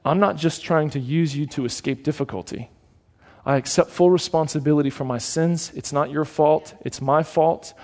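A male preacher voicing a humble, repentant thief who speaks earnestly and quietly. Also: fairly high pitch, normal speed, long reverb tail, lightly acted. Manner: hushed, earnest.

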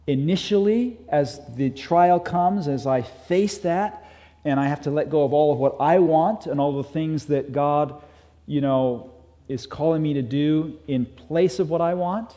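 A man preaching a sermon as a pastor, earnest, rising in intensity and then dropping to soft emphasis. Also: a little high. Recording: long hall reverb.

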